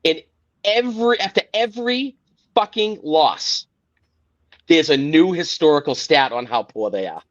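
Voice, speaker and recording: The host of a sports podcast, his voice on the high side, vents in an animated, a little slow, exasperated rant laced with profanity. It's a casual, heated outburst on dull lo-fi podcast audio.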